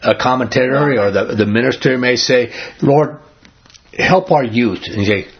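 A man's voice: medium pitch, a little slow, slightly rough. A man leading a Bible study in an earnest, conversational teaching style, often asking his group questions. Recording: dull lo-fi recording.

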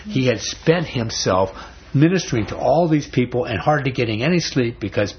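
A man's voice: medium pitch, expressive, moderate pace, a little hiss or hum. A man teaching a Bible study in a conversational, folksy way, often restarting words. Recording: dull lo-fi recording.

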